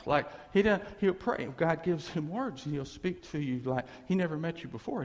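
A middle-aged man preaching as pastor, telling rambling, folksy stories with laughing asides, in a church sanctuary. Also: a little high. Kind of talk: storytelling sermon. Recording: long reverb of a church hall.

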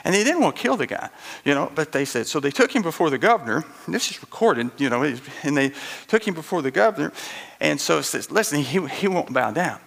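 A man preaching a sermon with animated storytelling, acting out the voices in his stories with chuckling asides. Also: a little high, a little fast, creaky.

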